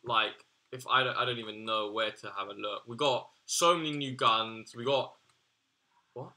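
A man's voice: medium pitch, moderate pace, bright, forceful tone. A young man giving casual, exasperated gaming commentary, swearing and slangy as he reacts. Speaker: gaming YouTuber.

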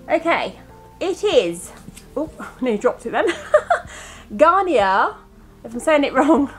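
A woman's voice: high-pitched, a bit bright, poor audio. A woman in her forties chatting casually to camera as a vlogger, giggly and self-mocking. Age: 40s.

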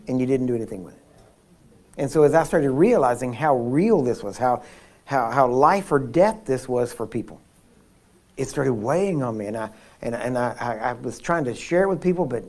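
A man preaching at a healing seminar, telling personal stories with frequent laughs and restarts. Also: medium pitch. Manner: animated storyteller, laughs often, frequent restarts. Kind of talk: sermon with personal storytelling.

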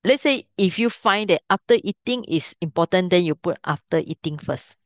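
A woman's voice: fairly low pitch, lively intonation, moderate pace, dry recording. A middle-aged woman teaching a language class, patiently explaining step by step and checking if students can follow.

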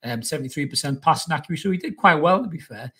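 A man's voice: a little high, animated, racing, sharp tone, breathy edge. A man hosting a casual football match preview, blunt and opinionated. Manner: blunt, opinionated, swears about rivals. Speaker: football channel host.

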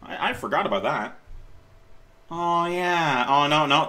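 Unhurried yet animated, this late-twenties man has a fairly high, sharp voice. Reacting casually to an old video of his, he wanders off topic, self-corrects, chuckles at himself and encourages viewers.

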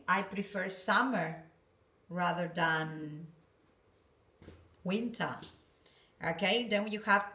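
A woman teaching an English class, slow and patient, often checking in with "yes, okay?". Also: lowish voice, bright, forceful tone, far from the mic. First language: Spanish. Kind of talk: recorded online class. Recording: roomy, from off-mic.

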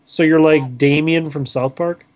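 A goofy young man with a fairly high voice, rambling and cracking silly jokes as he hosts a casual gaming chat. He talks into a computer mic. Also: steady tone, measured pace, darkish tone, no room sound. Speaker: channel host.

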